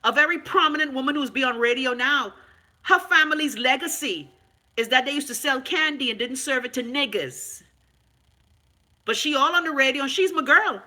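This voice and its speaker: Bahamian woman, live-stream host, very bright forceful voice, higher pitch, loud and chatty. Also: normal speed. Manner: loud, animated, talks back to viewer comments; frank, swears freely. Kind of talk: casual live-stream chat.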